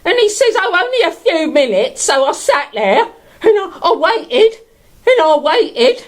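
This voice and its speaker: A woman's voice: extremely high pitch, big pitch swings, measured pace, full character voice. A woman playing a giggly bag lady. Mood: bawdy. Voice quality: giggly, often laughing through her words. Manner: bawdy, gossipy, rambling with lots of fillers. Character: bawdy homeless London bag lady, cheeky and chatty. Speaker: comedy character monologue. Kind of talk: character stand-up storytelling.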